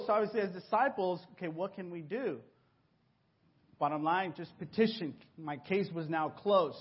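A man from Mexico giving a personal testimony to his congregation, telling his story with animated exclamations and acted-out voices. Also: on the high side, husky, lo-fi sound. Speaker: church member giving a testimony.

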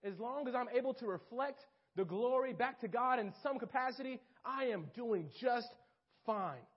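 A young man giving a casual storytelling sermon to a church group, animated and full of fillers. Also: very high-pitched, normal speed, husky. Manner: animated and casual, lots of fillers and acted-out quotes. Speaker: campus minister speaking to a church group. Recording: dull lo-fi recording.

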